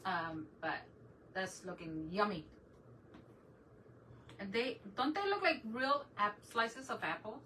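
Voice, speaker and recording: A bright, clear-toned middle-aged woman chats casually with her viewers while she paints a craft project, laughing easily. She sits back a little from the mic in a home room, with a faint hum of noise underneath. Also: mid-range voice, expressive, slow pace, long pauses. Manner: chatty, laughs often, talks to viewers in chat. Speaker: DIY craft channel host. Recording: voice a bit far from the mic, faint background noise.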